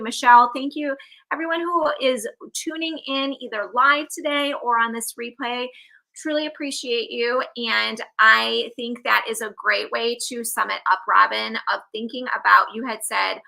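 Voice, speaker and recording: A woman hosts an online interview with lots of upbeat thanks. Her voice sits a little high, sharply bright and forceful, with a gravelly fry. She sounds like she is on a video call. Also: low-quality recording. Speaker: host.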